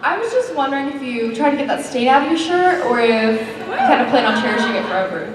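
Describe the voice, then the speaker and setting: A woman's voice: a little high, animated, quick pace. A woman fan asking the panel a teasing question from the audience. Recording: echoey hall recorded from far off with crowd.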